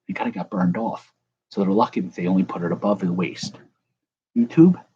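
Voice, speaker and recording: In a dull, lo-fi recording with faint ambience, a card-breaking vlogger cracks open baseball cards on camera. His voice sits low with a dark, breathy edge, and he talks fairly quickly. He rambles and jokes to viewers in casual commentary.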